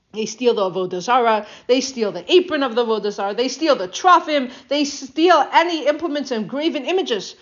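A woman teaching a Bible text, reading each Hebrew verse and then explaining it in English with animated retelling. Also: on the high side. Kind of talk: text study lesson, translating verse by verse. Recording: dull lo-fi recording.

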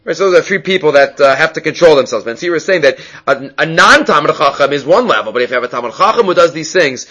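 Man teaching a Talmud class, rather high voice. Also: expressive, fast, hardly any pauses, pushed and bright, dull audio. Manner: explains the text with frequent fillers and restarts. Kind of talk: Talmud lecture.

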